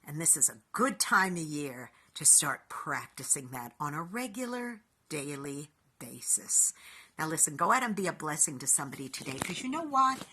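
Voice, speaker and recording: A woman hosting a short inspirational video, talking in an upbeat, animated way and calling her viewers boys and girls. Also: sits low, normal speed, slight background noise. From New York.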